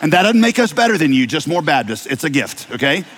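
This sermon comes from a male pastor with a light Southern American accent, speaking fast in a fairly high, slightly bright voice with big swings in pitch. He mixes humor with rhetorical questions in a conversational style, and the church sanctuary adds long reverb along with a little hiss or hum.

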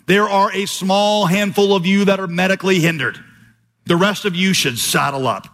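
A man's voice: high voice, moderate pace, a bit bright. A man preaching a sermon as pastor, telling stories with quoted voices and emphatic turns. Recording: long hall reverb, slightly husky.

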